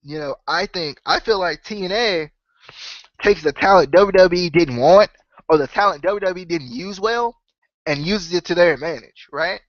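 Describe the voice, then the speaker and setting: A man's voice: high-pitched, normal speed, no room sound, dull audio. Sick-voiced man musing on wrestling. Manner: rambling, full of "right?" and "you know". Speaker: wrestling podcast host. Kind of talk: casual solo opinion talk.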